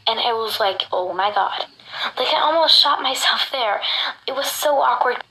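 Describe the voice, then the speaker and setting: A woman's voice: high voice, normal speed, sharp tone, reverberant, a little hiss or hum, rough recording. Chatty, gushing woman telling a story. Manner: chatty, gushing, full of "like" and "I was like". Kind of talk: storytime narration.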